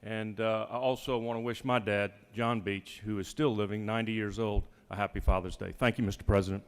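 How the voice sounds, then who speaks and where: A man's voice: lowish voice, level tone, a little fast, clear, resonant tone. A man state senator, giving a brief, folksy floor speech. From Georgia. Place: large legislative chamber. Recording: reverberant chamber.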